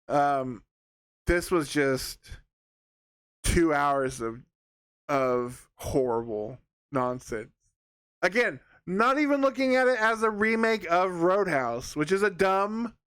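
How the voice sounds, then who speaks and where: A man's voice: fairly high pitch, a bit bright, smooth, dry recording. A young man giving a casual spoken film review, rambling and sarcastic with lots of fillers and restarts. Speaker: movie reviewer.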